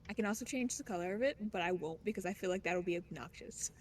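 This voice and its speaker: A woman's voice: fairly low pitch, quick pace, a little hiss or hum. Chatty woman player at a game table. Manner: chatty, giggly, filler-heavy. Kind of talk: casual chat while playing.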